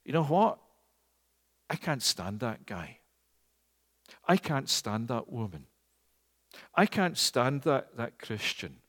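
A man voicing a jealous, spiteful person muttering low and quiet in a reverberant hall. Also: big pitch swings, slow, long pauses, full character voice.

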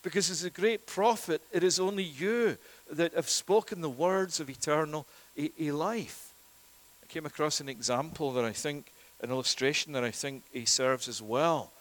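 A man delivering a sermon in an earnest, emphatic manner, his voice sitting a little high for a man. He repeats key phrases for stress, swells in force at the main points and drops quiet and low on solemn lines. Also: normal speed. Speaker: preacher.

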